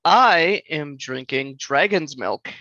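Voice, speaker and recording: A man chats loosely as a podcast co-host, joking around and ready to rant. His voice sits a little high and sounds bright and forceful. The sound is dry, close, and a little muffled, like a modest lo-fi mic. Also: animated, takes it slowly, no echo. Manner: joking, prone to ranting. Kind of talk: casual chat.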